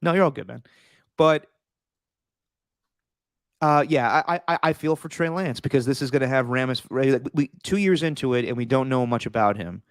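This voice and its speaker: A man talks sports in a casual podcast chat, earnest and emphatic. His voice is smooth and resonant, at a middle pitch, and the recording is dry and close. He stumbles over and repeats words when he gets worked up. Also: moderate pace, pauses often, dry recording. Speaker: podcast co-host.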